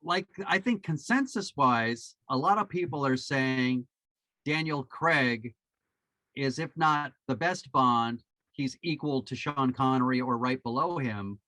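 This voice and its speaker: Podcast dude with a bright lively voice, keeps asking stuff, dry close mic. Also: male voice, mid-range voice, measured pace, no room sound, poor audio. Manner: probing, keeps asking questions. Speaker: podcast co-host. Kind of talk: casual film discussion.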